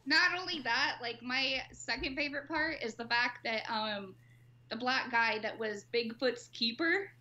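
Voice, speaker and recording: A woman co-host giggles and swears as she recounts scenes. Her voice is bright and fairly high, and it comes through a dull, lo-fi microphone. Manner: giggly, profane, quick retelling. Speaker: podcast co-host. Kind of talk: casual chat. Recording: dull lo-fi mic.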